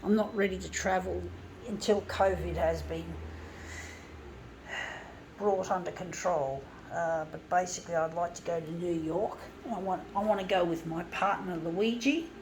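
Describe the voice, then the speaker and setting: A woman's voice: lowish voice, steady tone, normal speed, darkish tone, slight background noise, low-quality recording. A woman, rambling chattily to viewers as she crafts at home and calling them "folks". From Guam. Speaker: vlogger. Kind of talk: casual crafting vlog. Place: home lounge room with a fan.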